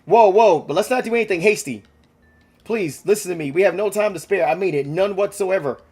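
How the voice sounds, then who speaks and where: A man reading game dialogue aloud, voicing an excitable older male schemer who keeps shouting in exasperated bursts. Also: brisk, faint music behind. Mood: panicked. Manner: shrill, panicked, exasperated outbursts.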